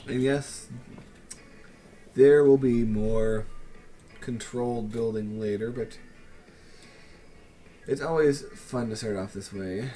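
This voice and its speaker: A man's voice: medium pitch, slow pace, pauses often, dark tone, faint music behind. A young man giving casual, joking commentary over a city-building game, full of playful, mock-grand asides to the viewers. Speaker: let's play commentator.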